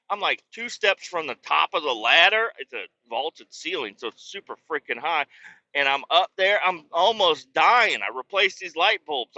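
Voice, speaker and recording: A man with a very bright, forceful voice hosts a casual podcast from a car on a bumpy road. He rambles and jokes, breaking into loud rants, and the sound is a bit dull and lo-fi. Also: high-pitched, no room sound. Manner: rambling, joking, rants with bursts of shouting. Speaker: podcast host. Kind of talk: casual solo podcast talk. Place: moving vehicle on a bumpy road.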